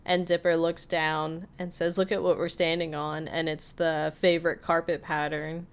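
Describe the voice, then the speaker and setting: Smooth-voiced woman recapping an episode. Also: sits low, level tone. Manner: retells scenes at length with quick laughs. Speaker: podcast co-host. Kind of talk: casual chat recapping an episode.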